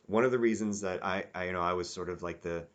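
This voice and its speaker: A man giving a rambling, casual review, animated and acting out quotes in mock voices. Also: low voice, fast talker. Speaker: YouTube reviewer.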